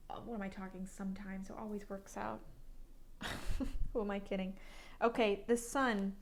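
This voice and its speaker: A woman's voice: medium pitch, flat delivery, normal speed, pauses often. Female tarot reader, solo reading, musing delivery, near-whispered asides, frequent fillers. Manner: many fillers and restarts.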